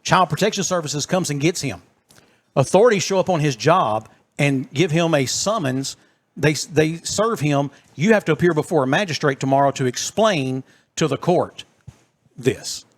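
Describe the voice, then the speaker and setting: A fairly high-pitched man with a drawl spins a story for his co-host, jumping into the voices of everyone in it. His delivery is animated and chatty, a casual podcast storyteller. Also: normal speed. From East Texas. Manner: animated storyteller acting out quotes.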